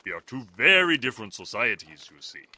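A man's voice: medium pitch, big pitch swings, fairly quick, pushed and bright, exaggerated voice. A man voicing a hearty middle-aged Viking innkeeper in a comedy radio play, eager and hospitable. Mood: confiding.

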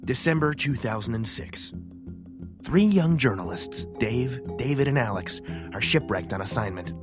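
A man voicing a grave male researcher, giving a scripted dramatic narration in a measured, solemn way. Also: medium pitch, expressive, close to an everyday voice. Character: Doctor Bill Farber, grave male researcher presenting found tapes. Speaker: narrator of a recorded intro. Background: music.

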